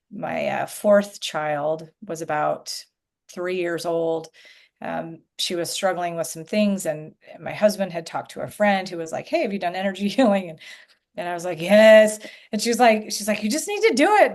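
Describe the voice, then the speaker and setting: A middle-aged woman, an energy healer guest on a podcast, telling her story in an animated way and acting out the voices of people she quotes. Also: fairly low pitch.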